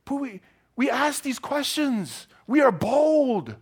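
Animated man preaching a lively sermon. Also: very high voice, slow, husky. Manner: animated storytelling, acts out voices; casual, conversational phrasing. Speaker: pastor.

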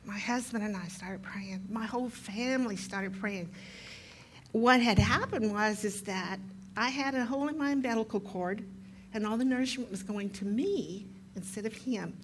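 A woman's voice: medium pitch, moderate pace, a little hiss or hum. Older woman telling a church testimony. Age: 60s. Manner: warm storytelling with frequent ums and restarts. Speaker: guest speaker, pastor's mother.

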